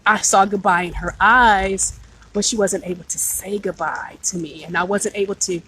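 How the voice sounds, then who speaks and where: A woman's voice: medium pitch, fairly even intonation, normal speed, sharp tone, slightly rough, rough recording. A woman hosting a live stream, telling a personal spiritual story in an earnest, emotional way and greeting viewers as she goes.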